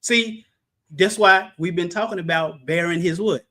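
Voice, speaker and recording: A man leading an animated Bible study, preaching with shouted exclamations and joking asides. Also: high voice, a little slow. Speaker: Bible teacher.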